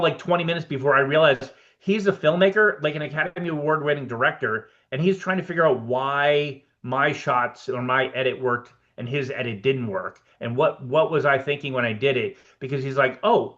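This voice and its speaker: A man in a casual podcast interview tells stories in a lively way, often acting out what each person said. His voice sits at an ordinary middle pitch. The recording is slightly dull and lo-fi. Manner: animated anecdotes, reenacts conversations with "I'm like". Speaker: guest, production designer.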